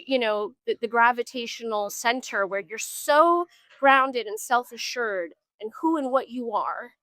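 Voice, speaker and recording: In a street interview outdoors, a woman musician speaks earnestly and thoughtfully, often trailing off and starting her sentences over. Her voice is on the high side and a bit bright, with no room sound.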